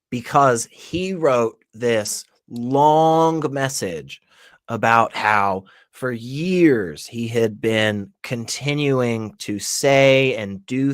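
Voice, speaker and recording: A man in casual livestream chat, measured and deliberate, reasoning his points aloud. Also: medium pitch, no echo, clean studio sound. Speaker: livestream guest.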